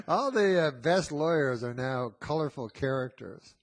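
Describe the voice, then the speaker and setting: A man's voice: on the high side, very animated, takes it slowly. A man, a podcast guest, telling long rambling anecdotes in a dry, casual way.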